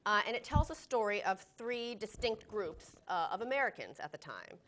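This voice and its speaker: A woman's voice: medium pitch, big pitch swings, normal speed, fairly bright tone. A woman guest on a talk show, explaining a story patiently with frequent ums and uhs. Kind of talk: casual interview chat.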